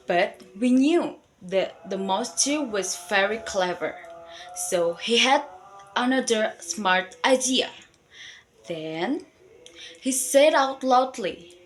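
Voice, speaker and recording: A teenage girl with an Indonesian accent tells a storybook fable in English, reading slowly and carefully. Her voice sits at an ordinary pitch. Soft music plays faintly behind her. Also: animated, poor audio. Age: teens. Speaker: student. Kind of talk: storytelling for school English exam.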